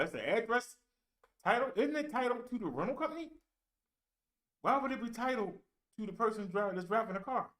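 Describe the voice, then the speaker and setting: A man's voice: high voice, fairly bright tone. A man casually retelling a story in an indignant, colloquial way. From United States. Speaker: vlogger and minister.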